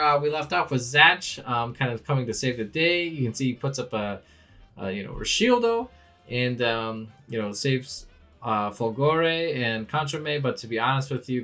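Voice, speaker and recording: Bright-voiced man recapping manga. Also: medium pitch. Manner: animated, acts out characters' lines with laughs. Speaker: manga reaction host. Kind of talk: casual recap commentary.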